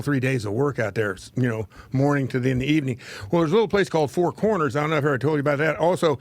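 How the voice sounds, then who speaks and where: Folksy older man spinning a yarn. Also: a little high. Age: 70s. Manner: rambling, folksy, laughs at his own tales. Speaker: host. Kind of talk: casual storytelling on a talk show.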